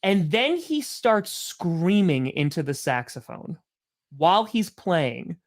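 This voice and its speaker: A man's voice: fairly high pitch, slow. A man hosting a live stream, calling plays and telling a rambling story in a chatty, casual way. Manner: animated, chatty storyteller with many "like"s. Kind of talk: casual live game commentary mixed with storytelling.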